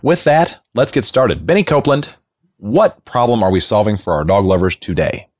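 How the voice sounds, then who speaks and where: A man's voice: fairly low pitch, expressive, moderate pace, a little mellow, dry recording, clean studio sound. A man hosting a podcast who reads an upbeat scripted intro and then asks probing questions in casual chat. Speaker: podcast co-host.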